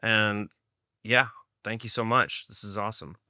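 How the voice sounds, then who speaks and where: A man's voice: fairly low pitch, unhurried, sharp tone, no echo, studio quality. A man hosting a podcast interview, wrapping up casually and hesitantly with lots of fillers. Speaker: podcast host.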